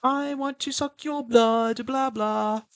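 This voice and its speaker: A man voicing a little girl who chants creepy sing-song taunts in a high, sing-song voice. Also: steady tone, takes it slowly, gravelly, clean tone, full character voice. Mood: sing-song eerie.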